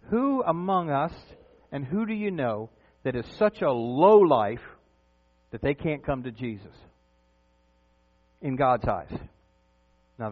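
Man, middle-aged, preaching, asks the congregation questions, tinny lo-fi sound. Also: fairly high pitch. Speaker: pastor. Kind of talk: sermon. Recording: tinny phone-like sound with mains hum.

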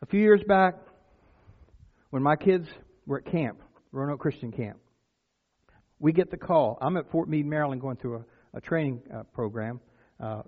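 A man preaching a sermon, telling stories and then building to emphatic points. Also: medium pitch. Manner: storytelling, rises to emphatic exclamations. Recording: tinny phone-like sound.

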